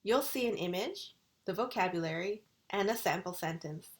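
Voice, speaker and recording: A woman university English lecturer recording a video lesson, enunciating vocabulary words slowly and deliberately. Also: medium pitch, animated.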